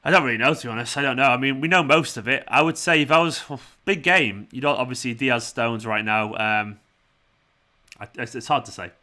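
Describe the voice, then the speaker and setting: A man's voice: mid-range voice, fairly quick, sharp tone. A young man hosting a football watchalong stream, chatting casually, laughing and reading out viewer comments. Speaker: fan channel host. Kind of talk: live watchalong chat.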